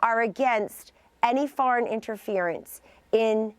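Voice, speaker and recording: A woman's voice: a little high, measured pace, no room sound. A middle-aged woman from the United States, a political adviser, arguing insistently and interrupting in a heated TV interview.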